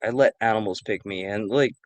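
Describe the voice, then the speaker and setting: A man's voice: lowish voice, a little fast, no echo. A man streaming and chatting casually, telling rambling anecdotes full of swearing. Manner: rambling, profane storytelling. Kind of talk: casual chat.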